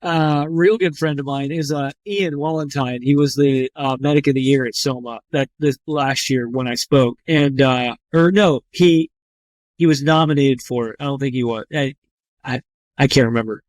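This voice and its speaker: A man's voice: mid-range voice, fairly even intonation, normal speed, a little mellow, no echo. A man, a trauma surgeon and podcast guest, telling his story in a blunt, profane and casual way with frequent restarts.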